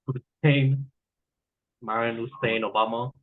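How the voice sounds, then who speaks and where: A man co-hosting a podcast in a joking way. His voice comes through thin and phone-like, at a mid pitch. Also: steady tone, takes it slowly. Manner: joking, short reactions. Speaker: podcast co-host. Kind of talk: casual podcast chat. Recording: tinny phone-like sound.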